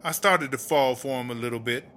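A man's voice: medium pitch, fairly quick, bright, forceful tone, slight background noise, close to an everyday voice. A man voicing a brassy, sassy female inmate in a comedy audio drama, telling a story in slangy, swearing talk over background music. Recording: music playing underneath.

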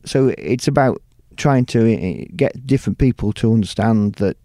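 A man's voice: on the low side, moderate pace, mellow, dry recording, studio quality. A middle-aged man from the United Kingdom, a TV presenter talking casually in an interview, rambling with many restarts and "you know"s. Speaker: TV presenter and producer.

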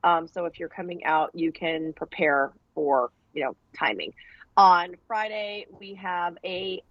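A woman's voice: lowish voice, unhurried, no echo, muffled recording. A woman co-hosting a casual podcast, chatty, announcing upcoming track events with some fillers.

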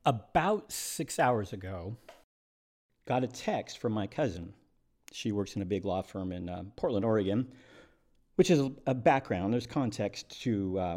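A middle-aged man, a podcast host and attorney, speaks in a mellow voice on the low side. Recorded in one unscripted take, he's candid and reflective, restarting phrases and chuckling wryly.

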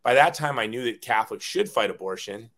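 A man's voice: mid-range voice, lively intonation, a little fast, a bit bright. A middle-aged man, a guest on an interview show, telling a personal story in an earnest, rambling way, often repeating words when moved.

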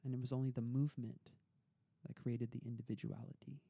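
A young man telling a personal story as a podcast guest, calm and unhurried. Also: mid-range voice, vocal fry, husky.

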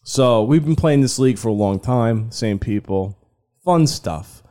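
A man's voice: mid-range voice, animated, measured pace, mellow. A man co-hosting a sports podcast, talking casually and loosely, swearing often and laughing. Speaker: podcast co-host.

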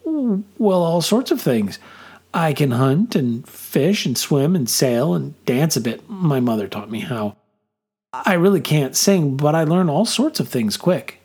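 Storybook lead: a flustered, stammering young man with a raised, husky voice, played by a man. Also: a little high, sing-song, a little mellow, voice pushed up, heavily acted. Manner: stammering, flustered, rushes words. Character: shy, stammering young man, awkward and eager.

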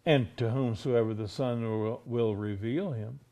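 A man preaching a sermon, emphatic, asking rhetorical questions and slowing down hard on key words. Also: medium pitch, warm tone. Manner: emphatic, rhetorical questions, drawn-out slow stresses.

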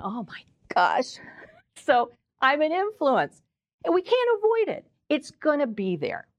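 An older woman voice coach giving an expressive presentation talk, demonstrating examples with her voice. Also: fairly high pitch, no echo.

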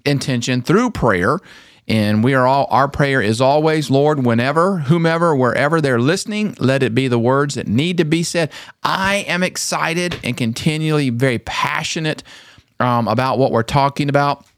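A man's voice: mid-range voice, moderate pace, dry recording. Man, podcast co-host, earnest and upbeat, mid-range voice, dry close sound. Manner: earnest and enthusiastic, frequent fillers. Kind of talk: casual Christian podcast talk.

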